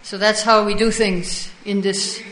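A woman's voice: medium pitch, flat delivery, a little slow, a bit bright, slight background noise. A woman teaching a devotional class, retelling stories with quoted dialogue and answering listeners. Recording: echoey room.

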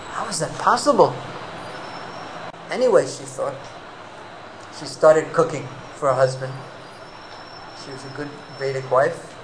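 A man preaching a devotional sermon, an animated storyteller who weaves in Sanskrit terms. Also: a little high, background noise.

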